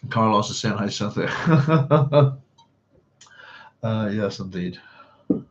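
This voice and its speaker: A man's voice: fairly low pitch, lively intonation, slow, slight background noise. A man hosting a book club livestream, chatting in a rambling, casual way. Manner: rambling, chatty, hums to himself. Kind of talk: casual livestream chat and reading. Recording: slightly dull lo-fi stream audio.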